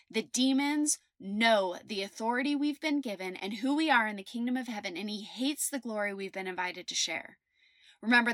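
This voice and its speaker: A woman's voice: mid-range voice, a bit bright, no echo. Earnest woman preaching, dry sound. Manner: earnest, emphatic preaching with scripture readings. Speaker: Christian teacher. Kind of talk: devotional teaching podcast.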